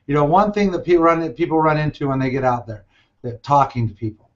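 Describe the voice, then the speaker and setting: A man's voice: a little high, fast, highs cut off. A man hosting an interview in an upbeat, casual way, sometimes stumbling over his words. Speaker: host.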